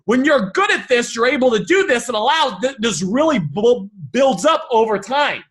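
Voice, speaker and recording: A man with a very high, bright voice coaching people on how to haggle. His pitch moves a lot as he walks through each message and thinks aloud, often restarting his sentences. The delivery is lively, like a teacher talking a class through examples. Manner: animated, quick restarts and repeated phrases, thinking aloud. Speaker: negotiation coach.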